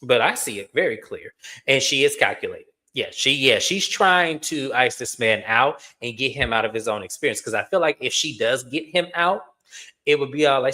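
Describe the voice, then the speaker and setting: A man hosting a reality TV recap in casual commentary, blunt and animated, swearing freely and talking to viewers as y'all. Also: mid-range voice, normal speed.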